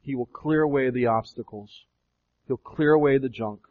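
A pastor preaching a sermon, questioning his listeners again and again, swelling with emphasis and slowing to draw out key phrases. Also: mid-range voice. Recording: dull lo-fi recording.

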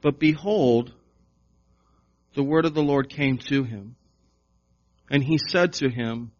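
A man preaching a sermon to his congregation, slow and emphatic, with repeated questions. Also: medium pitch, a little mellow. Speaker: pastor. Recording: dull lo-fi sound.

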